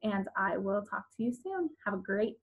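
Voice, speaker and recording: A woman's voice: mid-range voice, lively intonation, moderate pace, breathy edge, lo-fi sound. A woman teaching fourth graders in a remote class lesson, patient and repetitive, with frequent ums as she walks through each step.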